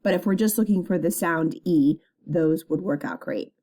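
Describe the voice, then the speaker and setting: A woman teacher giving a spelling test, dictating each word slowly and clearly with patient explanations. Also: lowish voice, mellow.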